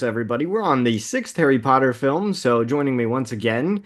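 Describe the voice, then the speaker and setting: A man in his thirties co-hosting a casual movie podcast, upbeat and laughing often as he recaps the plot at a quick clip. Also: medium pitch, big pitch swings. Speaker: podcast co-host.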